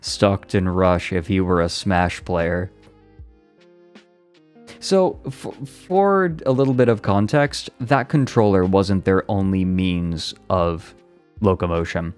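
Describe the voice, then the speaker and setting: A man with a fairly low voice streams casually, reading an article aloud and cutting in with rambling, profane asides. Faint music plays softly underneath him. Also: animated, slow, clear, resonant tone. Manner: profane, rambling asides between read passages.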